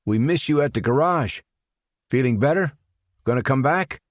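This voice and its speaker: An easygoing small-town mechanic who chats in a friendly way, as a male narrator puts him on. The voice is clearly raised in pitch and brighter than the narration. A dry, close audiobook reading. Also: lively intonation, normal speed, no echo, close to an everyday voice. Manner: chatty and easygoing.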